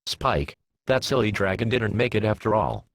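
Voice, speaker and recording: An earnest young female unicorn scholar from a storybook tale, read by a man in his own low, husky voice. She sounds tired and sincere, speaking at a steady pace. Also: moderate pace. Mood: weary. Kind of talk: fan fiction reading.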